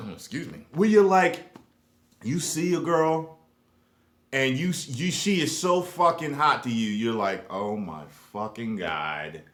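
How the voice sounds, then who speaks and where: Animated man ranting to camera. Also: slow, long pauses. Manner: animated, swings between loud emphasis and low mumbled asides, profane. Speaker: YouTube vlogger. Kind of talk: casual rant to camera. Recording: echoey room.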